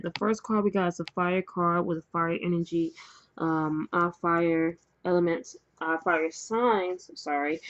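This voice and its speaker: A woman's voice: on the low side, no room sound, muffled recording. A woman giving a casual spoken tarot reading at home, chatty and rambling, with many fillers and apologies. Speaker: tarot reader. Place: indoors at a table with cards. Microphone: camera mic, face not shown.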